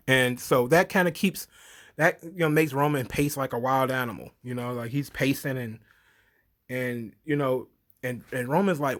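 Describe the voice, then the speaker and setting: A man recapping a wrestling event in a casual monologue, acting out quotes and laughing often. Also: moderate pace. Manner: animated storyteller, acts out quotes in high voices; frequent fillers, laughs often. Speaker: wrestling reviewer.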